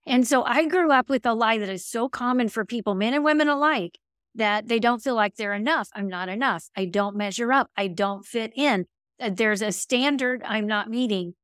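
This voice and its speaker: A woman's voice: a little high, normal speed, clean tone, dry recording, studio quality. Effusive woman podcast host. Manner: warm, effusive, emotional. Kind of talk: faith podcast interview.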